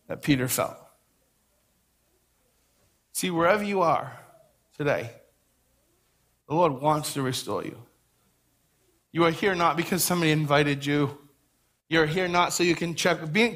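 A man preaching a lively sermon as pastor, acting out quoted voices and repeating words for emphasis. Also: a little high, normal speed, pauses often.

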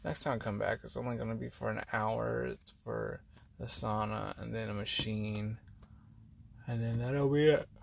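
A man's voice: on the low side, steady tone, moderate pace, creaky, slight background noise. A tired man hosting a podcast, rambling through a personal monologue with sighs and trailing thoughts, his words sometimes running together. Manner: words run together at times. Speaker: podcast host.

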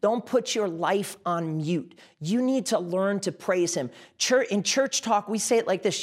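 A man's voice: high-pitched, animated, unhurried. Middle-aged male pastor, sermon delivery, earnest and fervent, addresses the congregation directly. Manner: impassioned, direct address, repeats phrases for emphasis.

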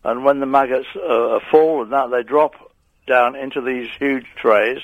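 A man in his eighties calling in to a radio show, talking haltingly and repeating his words. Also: medium pitch, steady tone, no echo, muffled recording. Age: 80s. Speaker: caller. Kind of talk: phone-in chat.

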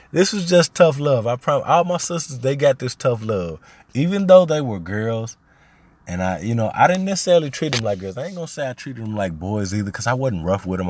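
A fairly low-voiced man with a drawl tells stories on his own podcast. He rambles casually and talks in slang, and he gets loud and heated when he is riled up. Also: dry recording. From Arkansas, USA. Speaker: podcast host. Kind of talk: casual storytelling monologue.

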